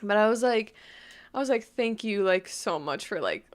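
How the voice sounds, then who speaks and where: A woman's voice: mid-range voice, animated, moderate pace. A young woman from New York vlogging casually, rambling with lots of "like" and frequent laughs. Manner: rambling, full of "like", laughs often. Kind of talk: casual storytime chat.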